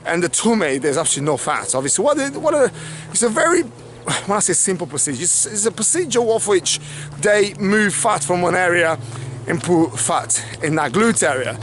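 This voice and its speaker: A man who is a fitness trainer, talking fast and casually to camera, often repeating "okay" and "obviously". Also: sits high, very animated, a bit bright, slight background noise. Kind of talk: casual motivational talk to camera.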